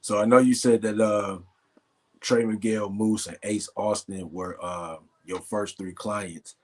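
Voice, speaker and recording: A man's voice: on the low side, steady tone, a little slow, a little mellow. A man hosting an interview, asking questions in a laid-back way. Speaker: host.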